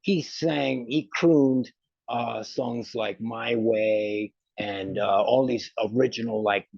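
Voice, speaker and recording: Male musician guest, rambling animated talk, gravelly, dull dry sound. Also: medium pitch, slow pace, dry recording. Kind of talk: casual interview.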